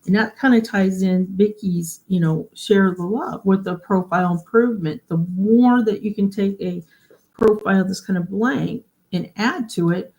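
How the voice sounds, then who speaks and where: Woman, livestream host, mid-pitched, casual and chatty, explains and asks viewers questions. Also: moderate pace, darkish tone, highs cut off. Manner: chatty, explains while showing pages, often asks the audience questions.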